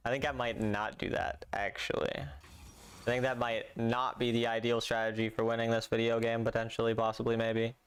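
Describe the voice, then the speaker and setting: A man's voice: medium pitch, level tone, normal speed, clean tone. A young man livestreaming a game, chatting with viewers in a dry, sarcastic, slangy way from his home setup. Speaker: livestreamer playing a mobile game. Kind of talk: casual stream chat.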